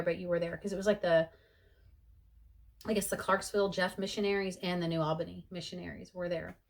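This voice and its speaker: A woman's voice: lowish voice, fairly bright tone. A woman in her forties, talking in a heartfelt personal vlog, chatty and earnest, with many fillers. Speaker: vlogger sharing her conversion story.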